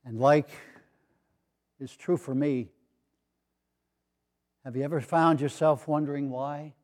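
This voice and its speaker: High-voiced older pastor telling stories. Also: male voice, fairly even intonation, slow. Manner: storytelling, gently humorous, acts out quoted voices. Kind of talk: sermon.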